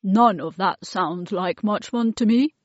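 A woman's voice: medium pitch, a little slow, no room sound, lightly acted. A woman voicing a reluctant, grudging father in a children's storybook. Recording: dull lo-fi dry recording.

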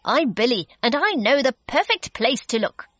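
A woman's voice: high-pitched, big pitch swings, normal speed, fairly bright tone, husky, dry recording, lo-fi sound, voice pushed up, heavily acted. A woman voicing an eager, helpful young boy in a storybook reading.

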